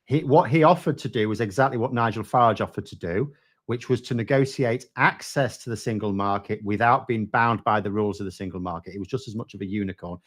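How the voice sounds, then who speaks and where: A man's voice: fairly low pitch, fast talker. A man co-hosting a casual political chat show, blunt and sweary as he rants about party history.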